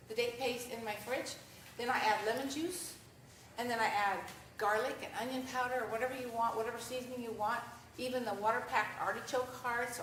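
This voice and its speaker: A woman giving a lively live talk and answering audience questions, speaking conversationally to the crowd. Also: fairly high pitch. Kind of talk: live presentation with Q&A. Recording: echoey room, mic far off, faint noise.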